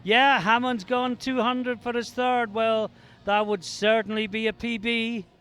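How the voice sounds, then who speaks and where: High-voiced, unhurried male sports commentator. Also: smooth, faint music behind. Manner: measured, calm play-by-play. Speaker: powerlifting commentator.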